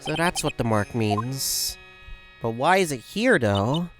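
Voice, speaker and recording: A woman's voice: a bass voice, very animated, slow, over music, voice pushed down, exaggerated voice. A woman voicing a flustered young male defense lawyer in a game. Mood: wary. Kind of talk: game dialogue read aloud.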